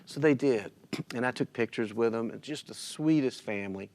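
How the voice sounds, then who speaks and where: A middle-aged man telling a personal story in casual conversation, animated and acting out what others said. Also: medium pitch, normal speed, vocal fry. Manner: animated, acts out other people's lines.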